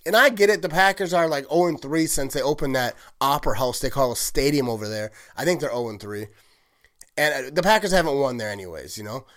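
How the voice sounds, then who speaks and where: A man hosting a solo sports podcast, rambling and excited, often correcting himself and laughing at his own slips. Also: a little high. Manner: rambling, heavy use of "like", self-correcting. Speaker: podcast host.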